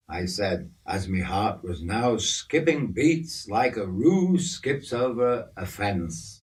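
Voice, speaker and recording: A man's voice: on the low side, expressive, takes it slowly, darkish tone, distant mic. An older man telling a story from his youth in a folksy, conversational way. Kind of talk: storytelling narration.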